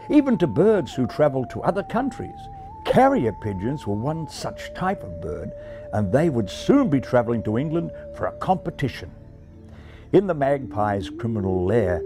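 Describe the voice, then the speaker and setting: A man narrating a children's storybook in an unhurried, measured way. His tone swings widely, lively and expressive even in plain narration. A soft bed of music plays faintly behind. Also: medium pitch. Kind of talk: storybook reading.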